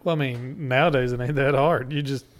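A man's voice: mid-range voice, steady tone, a little fast. A man, co-hosting a casual podcast, blunt and swearing freely with frequent laughs. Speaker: podcast co-host. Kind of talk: casual chat.

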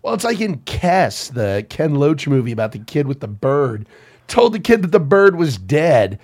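A man hosting a casual film chat, an animated storyteller who swears and laughs often. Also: fairly high pitch, moderate pace. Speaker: podcast host.

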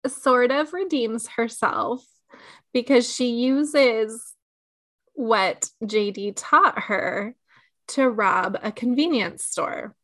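A woman's voice: fairly high pitch, drawn-out words, a bit bright, no room sound. A woman co-hosting a podcast in casual chat, retelling scenes and laughing often. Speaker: podcast co-host.

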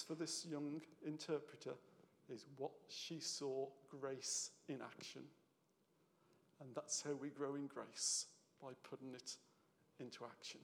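Gravelly preacher in a reverberant hall. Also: male voice, fairly high pitch, slight background noise. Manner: conversational, tag questions, gets emotional. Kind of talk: sermon. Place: church hall.

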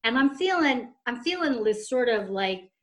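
A woman telling a story in casual chat, snarky and animated, swearing freely. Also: on the high side, normal speed.

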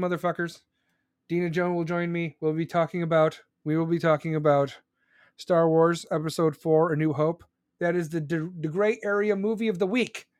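Male podcast host, high voice, rambling profane rant, dry close mic. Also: smooth, no room sound. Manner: loud, profane and rambling, with sudden pitch jumps. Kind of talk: live podcast venting monologue. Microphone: close studio microphone.

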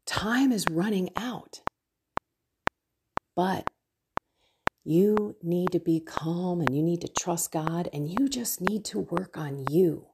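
A middle-aged woman speaks slowly and earnestly in a low, gentle register, sharing a heartfelt personal reflection on faith. Steady background noise runs under her voice. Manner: earnest, heartfelt, slow and soft at times. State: tearful at moments. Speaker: faith coach and host. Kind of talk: personal spiritual reflection to camera.

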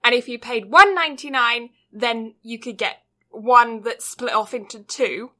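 A British woman co-hosting a podcast, chatting casually and telling stories with quick asides. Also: a little high, sharp tone. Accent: British English. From Britain. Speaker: podcast co-host.

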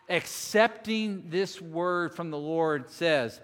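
A man, a lead minister, preaching a sermon earnestly, swinging between loud emphasis and quiet, soft-spoken moments. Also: on the high side, lively intonation, a little slow. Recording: long hall reverb.

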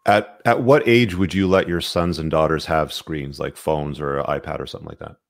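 A man's voice: extremely low pitch, fairly even intonation, brisk. A man hosting a podcast, asking his guest questions in a casual, conversational way. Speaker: podcast host.

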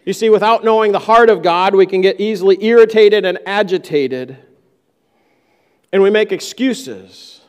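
High-voiced man preaching in an echoing hall. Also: normal speed, smooth. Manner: acts out the disciples' complaints in a raised voice. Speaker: pastor. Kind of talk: sermon.

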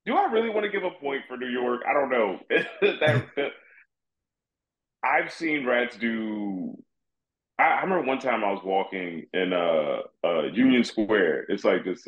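A man who is a guest comedian, telling animated, profane stories in casual chat. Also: fairly low pitch. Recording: roomy, dull-sounding audio.

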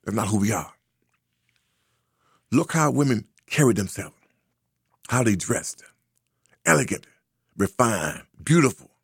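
Gravelly, impassioned male commentator. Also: on the low side, sing-song, a little slow, long pauses, no echo, studio quality. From United States. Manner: preachy, emphatic, repeats phrases for effect. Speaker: social commentator.

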